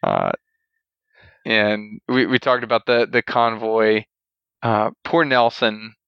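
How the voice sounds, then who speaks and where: A man's voice: lowish voice, expressive, slow, gravelly, clear, resonant tone, no echo. A man hosting a casual conversation, talking with enthusiasm and chuckles. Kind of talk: casual conversation about a war film. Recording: slightly dull, dry sound.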